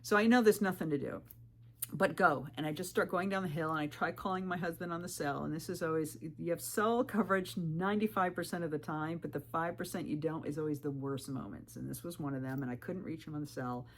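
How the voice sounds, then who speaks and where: A woman's voice: low-pitched, a little fast, a little hiss or hum. Emphatic woman hiker telling her story. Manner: animated, retells talk with 'I'm like' quotes; earnest and emphatic, warning viewers. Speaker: thru-hiker video creator. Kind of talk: candid storytelling to camera.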